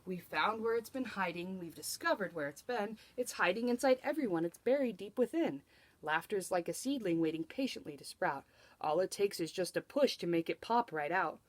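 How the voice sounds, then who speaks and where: A woman voicing a cheerful, excited male court jester in a rhyming storybook, with an exclamatory, sing-song delivery. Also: mid-range voice, moderate pace, dry recording, natural voice.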